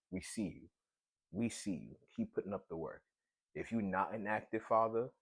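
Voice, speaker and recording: A solo podcast host in his thirties chats loosely, using slang and profanity, in a Brooklyn accent that reflects his New York roots. His low voice is slightly rough, and there's no room sound.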